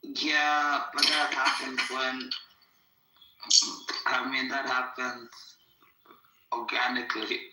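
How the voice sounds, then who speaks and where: A man's voice: medium pitch, flat delivery, slow, pauses often, sharp tone. A man hosting a podcast in casual chat, rambling, swearing and emphatic. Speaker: podcast host. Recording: echoey room.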